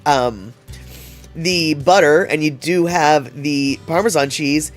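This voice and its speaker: A man's voice: fairly high pitch, slow, faint music behind. A man hosting a livestream, chatting casually and reading out viewer comments in a rambling way, with many fillers and restarts. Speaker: livestream host.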